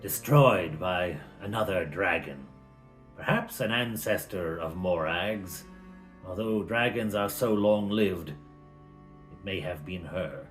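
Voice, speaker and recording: A low, deep-voiced old wizard, mysterious and cryptic, as a man puts him on. He speaks slowly and solemnly and draws out every portentous word. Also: lively intonation, fairly bright tone, soft background music, exaggerated voice.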